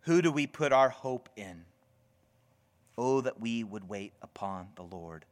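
A man preaching a sermon as pastor, swinging deliberately between loud emphasis and hushed, whispered lines. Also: mid-range voice, lively intonation.

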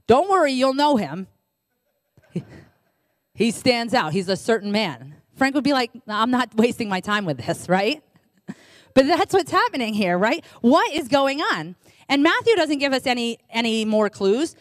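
A woman preaching a sermon in a conversational, animated way, asking rhetorical questions and acting out quoted voices. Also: no room sound, studio quality. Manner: acts out quoted voices in a high squeaky pitch.

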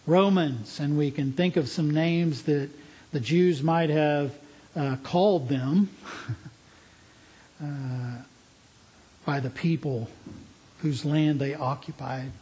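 A man's voice: fairly high pitch, slow, pauses often, a little mellow, husky, low-quality recording. A man preaching a sermon in an earnest, emphatic way, asking his listeners pointed questions.

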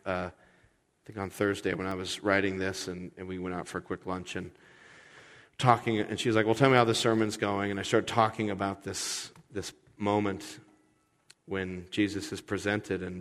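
A man preaching a sermon as pastor, conversational, with his voice swinging between loud and hushed. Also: medium pitch, moderate pace. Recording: long hall reverb.

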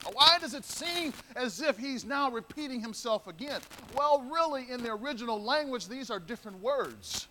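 A male pastor delivering a sermon in a very high, bright, ringing voice. He takes his time and hammers points home through repetition, calling out to the congregation. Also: poor audio. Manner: emphatic, repeats key phrases, calls out to the congregation.

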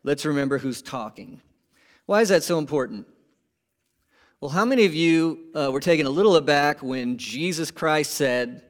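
A man preaching a sermon to his congregation, animated and conversational, asking rhetorical questions and swinging from emphatic peaks to quiet lows. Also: moderate pace. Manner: animated, rising to emphatic peaks then dropping low. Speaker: pastor.

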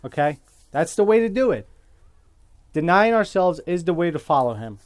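A man preaching a sermon as pastor, slow and deliberate, often checking in with his listeners by asking "okay?". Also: on the high side, big pitch swings, no echo.

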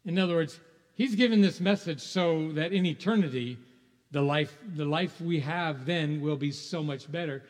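In a church sanctuary with long hall reverb, a man serving as pastor preaches conversationally at normal speed, his voice a little high. He throws out rhetorical questions and chuckles from time to time.

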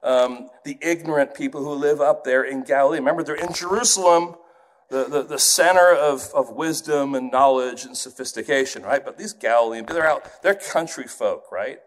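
A man who grew up in England, preaching a sermon in an animated way and putting on accents to illustrate his points. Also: mid-range voice, normal speed.

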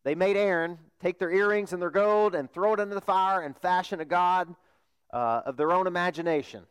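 A man's voice: high voice, brisk, smooth. A man preaching a sermon as a pastor, talking conversationally and asking his congregation rhetorical questions.

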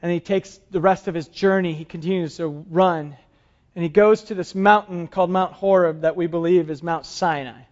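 High-voiced man preaching a sermon. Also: fairly even intonation, normal speed, highs cut off. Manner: dramatic shifts between soft and emphatic delivery. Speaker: pastor.

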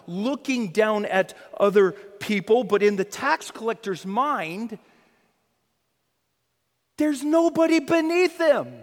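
High-voiced male preacher in an echoing hall. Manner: swings from loud crying out to hushed near-whisper; repeats phrases for emphasis, stammering restarts. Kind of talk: sermon. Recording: long reverb of a hall.

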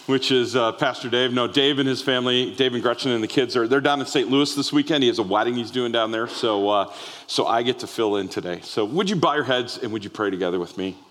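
A man's voice: mid-range voice, fast, a bit bright. An older man preaching a sermon as a pastor, telling a story with restarts and ums. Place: large church sanctuary. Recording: long reverb of a church hall.

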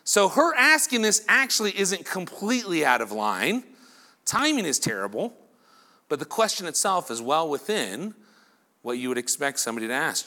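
A male pastor giving a lively sermon who acts out imagined dialogue between the people in his story. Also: fairly high pitch, normal speed. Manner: animated preaching, acting out imagined dialogue.

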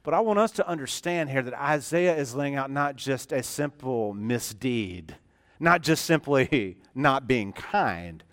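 A man preaching a sermon as a church pastor, emphatic and swinging from loud to hushed. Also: mid-range voice, animated, measured pace. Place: church sanctuary.

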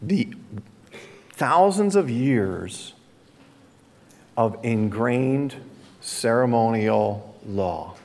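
A man's voice: mid-range voice, animated, drawn-out words, pauses often, a little mellow. A man preaching a sermon as pastor, speaking conversationally with dramatic emphasis. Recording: long hall reverb.

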